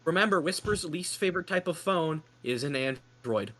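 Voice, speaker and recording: A man's voice: fairly high pitch, lively intonation, moderate pace, fairly bright tone, slight background noise. Rambling young man hosting a podcast. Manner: joking, rambling, self-deprecating. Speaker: podcast host. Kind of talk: casual podcast chat.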